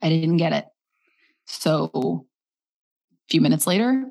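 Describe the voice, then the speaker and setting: A young woman casually telling a personal story, animated and acting out the voices of the people in it. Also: low voice, slow, vocal fry. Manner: animated, acts out quoted voices. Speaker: guest telling her story.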